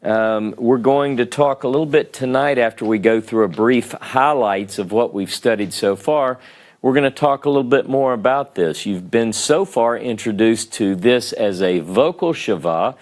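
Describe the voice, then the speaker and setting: A man teaching a classroom lecture on grammar, speaking in a measured way with frequent pauses and ums. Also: mid-range voice. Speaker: Hebrew teacher.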